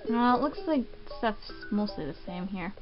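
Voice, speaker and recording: A woman hosting a casual game commentary, chatting in a relaxed way with plenty of "um" and "like". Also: medium pitch, normal speed, highs cut off. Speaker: gaming channel host. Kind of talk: casual Let's Play commentary. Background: game music.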